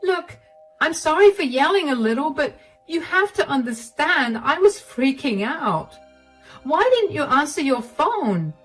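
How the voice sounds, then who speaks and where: A frantic, wounded young wife pleading with her husband in a raised, strained voice, played by a woman narrating the story. Her pitch climbs well above an ordinary speaking voice. Faint music plays underneath. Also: sing-song, a little slow, fairly bright tone, full character voice. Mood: upset. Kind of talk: storytelling voice acting.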